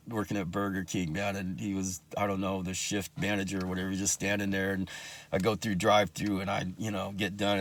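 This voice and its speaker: Blunt, profane man telling his story. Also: lowish voice. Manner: profane, blunt, angry asides. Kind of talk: casual personal storytelling.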